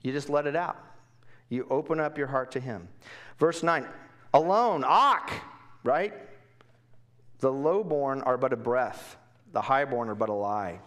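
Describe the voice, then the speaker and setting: Man, pastor, conversational sermon, rhetorical questions, quiet asides and emphatic bursts, mid-pitched voice. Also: a little slow, long pauses. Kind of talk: Bible teaching sermon.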